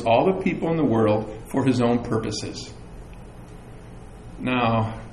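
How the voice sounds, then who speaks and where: A middle-aged man preaching a sermon as pastor, animated, with chatty asides and self-deprecating humor. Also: mid-range voice, a little hiss or hum. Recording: echoey room with faint ambience.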